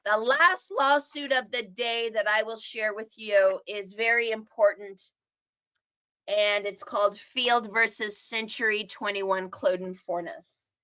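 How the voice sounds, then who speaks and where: Slow, bright-voiced woman teaching real estate. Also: medium pitch. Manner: animated, acts out quoted people. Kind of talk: presentation. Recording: dull lo-fi audio.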